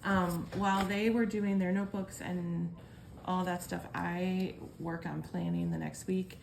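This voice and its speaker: A homeschooling mother in her thirties talks at home with a gravelly, crackly edge to her voice. Her delivery is relaxed and lightly sarcastic. A steady hum of background noise runs under the recording. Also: fairly low pitch, unhurried. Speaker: homeschooling parent and vlogger. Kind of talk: casual chat and reading aloud to kids.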